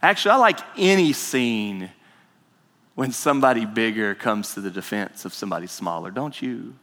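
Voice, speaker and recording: A man's voice: lowish voice, expressive, moderate pace, a bit bright, long reverb tail. A man preaching a conversational sermon as pastor, asking the congregation questions.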